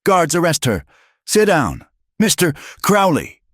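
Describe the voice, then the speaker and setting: A man voicing a panicky, corrupt male government agent who shouts and shrieks accusations. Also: sing-song, normal speed, no room sound, studio quality, full character voice. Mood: panicky shouting. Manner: shrill, shouting, blustering.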